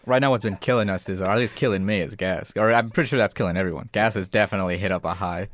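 An easygoing man with a somewhat low voice, chatting casually with friends. His voice is dry and close-miked. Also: very fast, no room sound. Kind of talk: casual chat.

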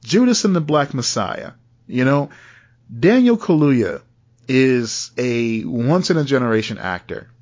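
A man co-hosts a podcast in relaxed, rambling conversation, laughing easily between points. His voice sits at an ordinary middle pitch. The recording sounds slightly dull and lo-fi. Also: unhurried. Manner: chatty, laughs often, loose asides. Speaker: podcast co-host. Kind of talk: casual chat.

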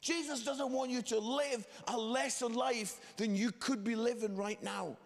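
A man preaching a sermon, telling a story with lively, animated delivery and quoted voices. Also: very high voice, measured pace. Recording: long hall reverb.

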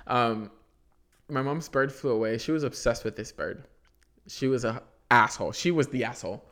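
A man's voice: medium pitch, normal speed, a bit bright. A young man co-hosting a podcast, chatting casually and laughing through his own stories in a self-mocking way. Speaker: podcast co-host. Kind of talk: casual chat.

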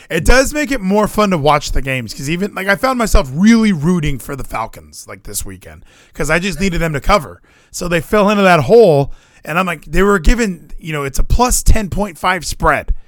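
Young man, casual sports chat, swears a lot, lively ups and downs, dry sound. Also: high-pitched, moderate pace, dry recording. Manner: animated, swears, frequent fillers and restarts. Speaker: podcast co-host.

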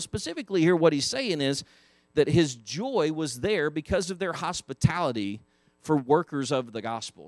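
Male Sunday school teacher, slightly high voice, conversational, dry close sound. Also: no echo. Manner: conversational, asks the class questions. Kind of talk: Sunday school Bible lesson. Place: church classroom.

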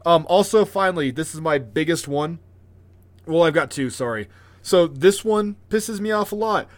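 A podcast co-host with an unusually high voice for a man. He rants in casual chat with lively, profane energy, swinging from grumbling to excited outbursts. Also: moderate pace. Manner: animated, profane ranting.

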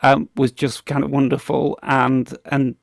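A man's voice: mid-range voice, level tone, unhurried, vocal fry, no room sound, clean studio sound. A man hosting a podcast, chatting in a rambling way with many restarts and ums and frequent laughs. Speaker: podcast host. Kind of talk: casual podcast chat.

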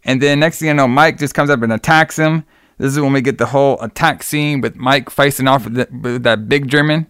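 A young man casually recapping a film plot in loose, profane talk, slipping into quick voices for the characters. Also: medium pitch, fairly bright tone, clear, resonant tone, dry recording, studio quality. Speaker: podcast co-host recapping a movie.

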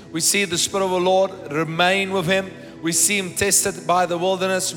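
A man's voice: sits high, fairly bright tone. A man preaching a sermon emphatically, repeating lines for effect, recorded live in a church hall. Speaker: pastor.

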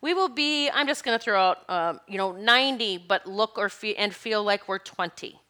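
A woman's voice: medium pitch, expressive, moderate pace, pushed and bright. A woman giving a casual spiritual talk, rambling and searching for words, with laughs between her thoughts. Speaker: spiritual speaker.

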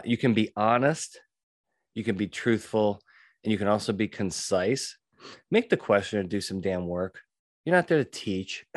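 A man hosting a solo podcast, talking emphatically, repeating key phrases and often clearing his throat. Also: lowish voice, no room sound, studio quality. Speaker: podcast host and witness trainer.

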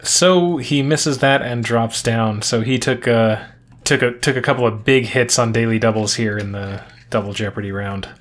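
A man co-hosting a casual podcast, relaxed, recapping quiz show clues and scores in detail. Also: medium pitch, moderate pace. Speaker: podcast co-host.

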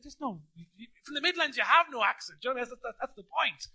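An Irish man preaching in a church, a pastor who tells funny stories and acts out every line of dialogue. His voice sits very high and sounds bright and forceful. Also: brisk. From Ireland. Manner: animated, jokey storyteller who acts out dialogue. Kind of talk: sermon storytelling. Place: church auditorium.

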